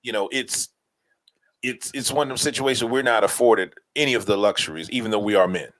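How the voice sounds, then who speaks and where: A man from New Orleans with a New Orleans accent, co-hosting a casual podcast chat, animated and repeating himself as he makes his points. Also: mid-range voice, fairly quick, low-quality recording. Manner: animated, repeats himself, plays out bits in voices. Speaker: podcast co-host.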